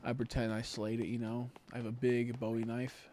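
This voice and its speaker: A man's voice: level tone, a little fast, a little hiss or hum. Rambling young man streaming a game. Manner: rambling, joking, swings between loud bursts and low mutters. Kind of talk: casual livestream chat while gaming.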